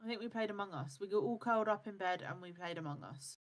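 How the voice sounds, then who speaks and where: A woman streams live in loose, casual chat, sounding tired and half asleep. She is blunt and swears freely, at an ordinary middle pitch for a woman. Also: fast. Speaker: streamer and co-host.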